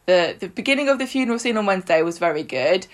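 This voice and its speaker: A woman's voice: medium pitch, lively intonation, fast talker. A woman, co-hosting a podcast and chattily retelling soap scenes with quoted lines. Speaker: podcast co-host. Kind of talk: casual chat, recapping a soap.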